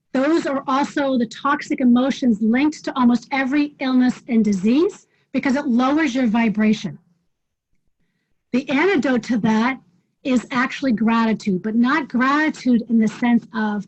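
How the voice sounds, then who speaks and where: Woman coach on a zoom call, pretty high voice, blunt and pushy in a friendly way, kinda muffled lo-fi sound. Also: normal speed. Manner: direct, challenging, frequent "okay?" check-ins. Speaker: wellness coach teaching a class. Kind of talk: live online class talk. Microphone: video call. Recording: dull lo-fi video call audio.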